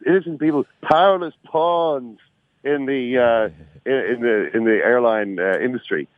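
A man's voice: mid-range voice, moderate pace, no room sound. Wry Irish man on a tinny phone line. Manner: wry, self-mocking storyteller. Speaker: podcast regular calling in from an airport. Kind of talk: casual phone-in storytelling. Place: airport.

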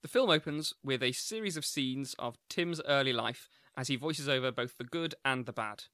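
A man co-hosting a podcast, giving steady, lightly wry plot recaps of films. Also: mid-range voice, moderate pace, no room sound. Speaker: podcast co-host.

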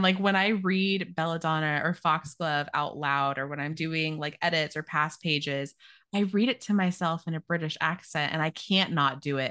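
An American woman from Arizona talks as a guest author in a casual podcast chat. She is animated and self-deprecating, her voice lowish yet bright.

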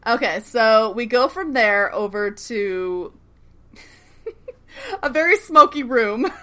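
A woman's voice: a little high, lively intonation, takes it slowly, bright, forceful tone. A young woman co-hosting a casual recap podcast, laughing often and acting out characters' lines as she retells scenes. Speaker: podcast co-host recapping a TV series. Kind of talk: casual chat.

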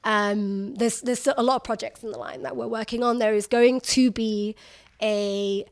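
A young woman journalist talking candidly in an interview, animated and quick to laugh, acting out remarks she has heard. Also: a little high. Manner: animated, laughs often, acts out quoted remarks. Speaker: journalist guest.

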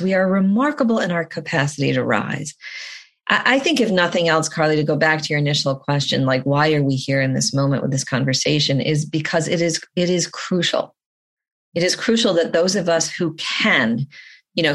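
Low-voiced woman telling a story. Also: fairly bright tone. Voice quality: earnest, storytelling, repeats phrases for emphasis. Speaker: panel guest. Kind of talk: reflective conversation.

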